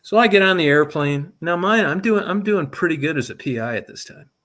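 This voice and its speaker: His voice sits a little high and he talks briskly. The middle-aged speaker relates a long story from his own life in a casual way, dropping frequent swear words with energetic animation.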